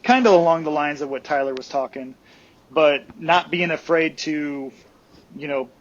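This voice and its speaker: A man's voice: on the high side, unhurried. A man guest on a podcast, telling stories in a chatty way and often asking "right?". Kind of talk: casual podcast storytelling. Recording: dull lo-fi sound.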